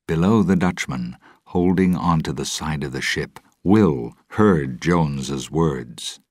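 A man reading an adventure story aloud in slow, expressive storybook narration. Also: very deep voice, no room sound, studio quality.

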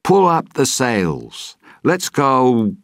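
A bossy, impatient pirate captain snapping orders at his crew, as a man puts him on. The voice sits well above the reader's own deep tone and comes out loud and pushy. It is a storybook read-aloud with a husky edge. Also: huge pitch swings, moderate pace, dry recording, studio quality, exaggerated voice. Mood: impatient, commanding. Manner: impatient, commanding.

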